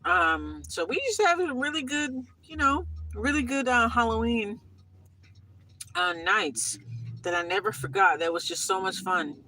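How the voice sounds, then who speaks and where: A man's voice: sits high, expressive, normal speed, bright, forceful tone, a little hiss or hum, rough recording. A man vlogger chatting in a loose, rambling storytime style, full of asides. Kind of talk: casual storytime chat. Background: music.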